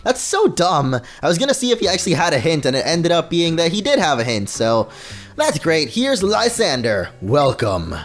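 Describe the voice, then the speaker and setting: Goofy, high-pitched gameplay host man. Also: brisk, faint music behind. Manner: goofy, joking, excitable. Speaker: let's play host. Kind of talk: gameplay commentary.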